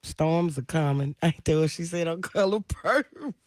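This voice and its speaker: A woman's voice: sits low, expressive, unhurried, no echo, studio quality. A woman, hosting a morning radio show in casual banter, laughing often and using plenty of slang.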